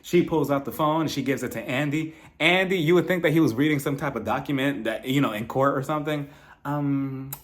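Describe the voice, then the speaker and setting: A young man recapping a reality show in casual commentary, sarcastic and animated, acting out people's lines and laughing often. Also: medium pitch, fairly quick.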